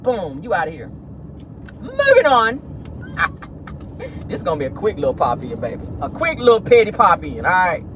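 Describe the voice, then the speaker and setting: A woman's voice: low-pitched, very animated, brisk, background noise. A woman hosting a gossip vlog, talking in a sassy, petty way and calling her listeners "honey" and "child.". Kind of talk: celebrity gossip commentary.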